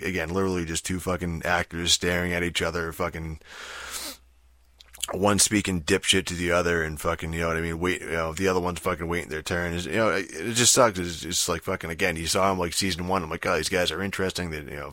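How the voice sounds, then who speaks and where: A man's voice: low voice, bright, forceful tone, no echo, clean studio sound. A man ranting casually about a TV show, profane and rambling, full of fillers and restarts. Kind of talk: casual rant.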